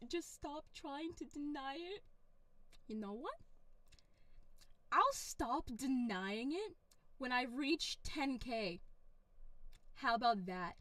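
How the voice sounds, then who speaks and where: Giggly high-voiced woman streamer. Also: expressive, slow pace, long pauses, a bit bright, no room sound. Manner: playful and giggly, reads chat aloud, mock-defensive. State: stuffy nose. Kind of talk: casual live stream chat.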